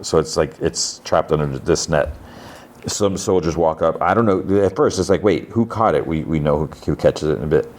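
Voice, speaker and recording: A man's voice: rumbling low, normal speed, darkish tone. A man hosting a podcast, casually retelling a TV episode scene by scene with lots of fillers and quoted dialogue. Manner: rambling retelling full of fillers and quoted lines. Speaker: podcast host.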